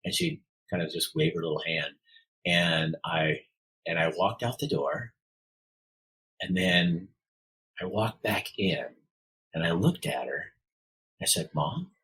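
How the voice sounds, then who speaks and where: Low, husky middle-aged man. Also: lively intonation, a bit bright, rough recording. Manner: heartfelt, halting with restarts. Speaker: podcast guest. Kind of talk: candid personal storytelling.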